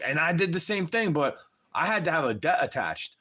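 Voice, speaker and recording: A man's voice: on the high side, big pitch swings, brisk, bright, forceful tone, breathy edge. A young man ranting on a livestream, profane and agitated, talking straight at the listener.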